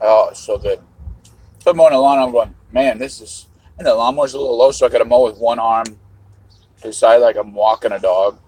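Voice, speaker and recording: A man's voice: mid-range voice, brisk, a little mellow, slightly rough, poor audio. A middle-aged man vlogging in a casual livestream monologue, rambling and musing with a half-joking tone.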